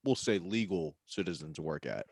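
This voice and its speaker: A man guesting on a comedy podcast, telling a prank idea in a deadpan way over a video call. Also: very deep voice, moderate pace, vocal fry, breathy edge, no room sound. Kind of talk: casual chat.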